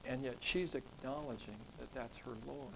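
Gravelly man leading a Bible study. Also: mid-range voice, fairly even intonation, moderate pace, background noise. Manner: conversational, asks the group questions, repeats words when emphasizing. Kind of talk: interactive scripture teaching.

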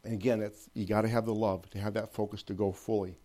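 A man's voice: lowish voice, flat delivery, fast talker, dark tone. A man preaching an informal sermon in a conversational way, repeating phrases for emphasis and checking in with listeners.

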